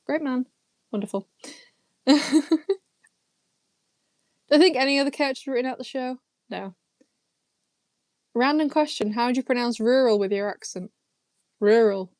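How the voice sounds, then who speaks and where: A woman's voice: on the high side, moderate pace, long pauses, a little mellow, no echo. A young English woman from Lancashire, chatting casually as she answers viewer questions, rambling and laughing often. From Lancashire, England. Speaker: YouTube host answering chat. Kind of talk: casual live chat Q&A.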